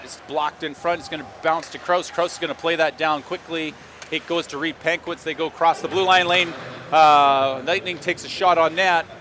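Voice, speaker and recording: Guy doing a hockey play-by-play, bright sharp voice, fast running call, dry jokes in between. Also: fairly high pitch, a little hiss or hum. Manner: rapid running call, dry joking asides. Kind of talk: play-by-play sports commentary.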